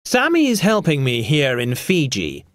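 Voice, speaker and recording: A man voicing a slow, showy, shady businessman in an audiobook story. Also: fairly high pitch, huge pitch swings, fairly bright tone, no room sound, voice pushed up. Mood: smooth. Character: smooth-talking shady businessman, bald.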